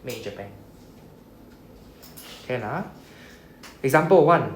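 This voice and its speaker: A man's voice: medium pitch, lively intonation, slow pace. A man with a Singaporean English accent teaching a beginner Japanese class in a classroom, checking in often with "okay?" and "right?". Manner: explains patiently, frequent "okay?" and "right?" checks. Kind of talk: classroom lesson. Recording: echoey room, faint background noise.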